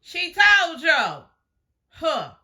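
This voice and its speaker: A woman's voice: very high-pitched, wildly swooping pitch, drawn-out words, sharp tone. A woman hosting a reaction video, commenting on a clip in a sassy, teasing way.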